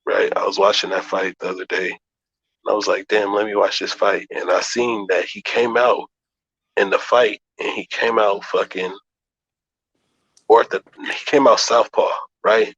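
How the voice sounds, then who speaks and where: A low-voiced man argues boxing in loose, profane, emphatic talk, breaking down how fighters switch stances. The recording sounds dull and lo-fi. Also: little pitch movement, normal speed, a bit bright, husky, no echo. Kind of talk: casual boxing debate.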